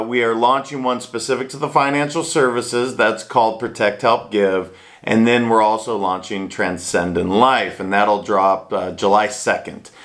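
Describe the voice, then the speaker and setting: A man's voice: mid-range voice, a bit bright. A man hosting a casual chat from a small home studio, upbeat and self-deprecating about his mistakes. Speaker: host.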